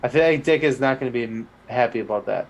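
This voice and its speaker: A man's voice: medium pitch, quick pace, rough recording. A young man co-hosting a podcast, giving blunt, slangy takes on a TV episode and swearing freely. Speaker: podcast co-host. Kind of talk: casual chat reviewing a TV episode.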